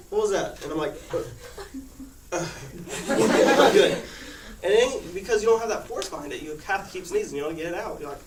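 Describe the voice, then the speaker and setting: A teenage boy telling a rambling personal story to his class, laughing often as he talks. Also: on the high side. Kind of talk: casual personal anecdote. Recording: echoey room, far-off mic, noisy.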